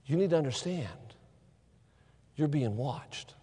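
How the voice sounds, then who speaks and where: High-voiced preacher in a reverberant hall. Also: male voice, lively intonation, slow, dark tone, breathy edge. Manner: storytelling, repeats phrases for emphasis. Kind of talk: sermon. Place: church sanctuary.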